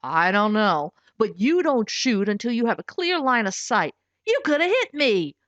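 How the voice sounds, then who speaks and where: A woman's voice: fairly high pitch, sing-song, normal speed, fairly bright tone, no room sound. A woman playing a firm, cautious boy. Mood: scolding. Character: cautious young boy, protective companion. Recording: dull lo-fi recording.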